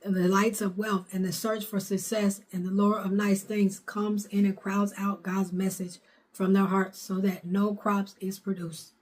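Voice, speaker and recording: A woman's voice: medium pitch, little pitch movement, a little slow. A middle-aged woman, preaching a sermon in a fervent, repetitive way. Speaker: prophetess preaching.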